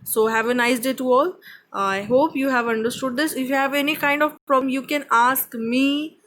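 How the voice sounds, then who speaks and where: A woman's voice: high-pitched, fairly even intonation, moderate pace, a bit bright, a little hiss or hum, poor audio. Indian English teacher woman, patient. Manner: explains patiently, repeats points, checks with "okay?". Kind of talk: grammar lesson to students.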